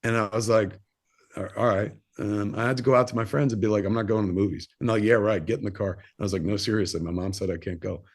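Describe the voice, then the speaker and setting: A man's voice: on the low side, fairly even intonation, rapid-fire, hardly any pauses. A man in his fifties, a filmmaker and podcast guest, telling a personal story in a candid, rambling way, swearing freely and using plenty of fillers. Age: 50s. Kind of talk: casual interview storytelling.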